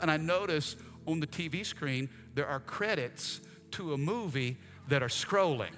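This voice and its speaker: A male pastor preaching a sermon in an animated style, acting out scenes with humor. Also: high-pitched. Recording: long reverb, faint music behind.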